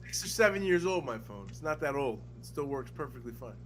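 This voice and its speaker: A man's voice: mid-range voice, sing-song, brisk, a little hiss or hum. A man co-hosting a podcast, chatting loosely, swearing freely and acting out the people in his stories. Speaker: podcast co-host. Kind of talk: casual chat.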